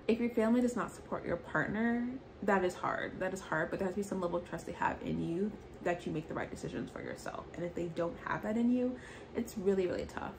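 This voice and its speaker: A young adult woman giving a chatty, animated recap of a reality dating show, peppering her talk with "like". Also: on the low side, fast, slight background noise. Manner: chatty, animated quoting with frequent "like". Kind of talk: casual recap commentary. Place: apartment in New York.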